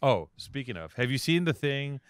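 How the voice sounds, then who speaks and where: A man's voice: mid-range voice, big pitch swings, moderate pace, clear, resonant tone, dry recording, clean studio sound. A man co-hosting a casual podcast, bantering and joking with frequent swearing. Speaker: podcast co-host. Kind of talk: casual chat.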